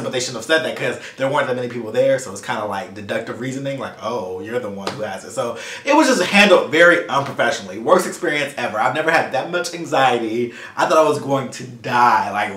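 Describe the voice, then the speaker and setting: A young man telling a personal story to camera in a casual vlog, talking fast and animated, sometimes stumbling over his words and swearing. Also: medium pitch, echoey room. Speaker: vlogger.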